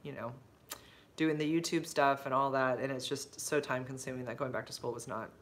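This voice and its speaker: A woman's voice: extremely low pitch, brisk, a little hiss or hum. Chatty rambling woman livestreaming from her phone. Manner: rambling and chatty, full of fillers and side-tracks; effusive, with big bright jumps when excited. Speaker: livestreaming vlogger and substitute teacher. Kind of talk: casual livestream chat, answering viewer comments.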